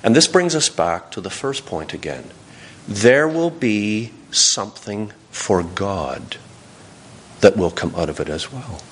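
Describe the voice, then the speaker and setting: A man's voice: lowish voice, expressive, takes it slowly, a little hiss or hum. A man pastor giving a sermon in a folksy storytelling way, often restarting his sentences.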